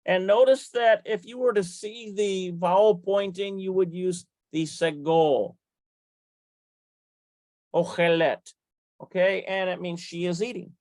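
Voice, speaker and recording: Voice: medium pitch, fairly even intonation, a little slow, few pauses, darkish tone, dry recording. A Hebrew teacher giving a grammar lesson, methodically spelling out letters and vowels step by step and thinking aloud with fillers and self-corrections.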